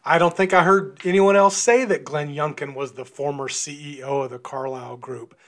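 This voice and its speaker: A man's voice: fairly high pitch, steady tone, moderate pace, fairly bright tone. A man giving an informal sermon and Bible teaching, talking conversationally and often repeating words as he restarts. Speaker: preacher.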